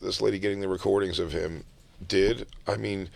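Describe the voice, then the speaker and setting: A man's voice: sits low, fairly even intonation, normal speed, gravelly, a little mellow, no room sound. A man hosting a talk radio show, telling a story in casual, profane chat and laughing at how absurd it is.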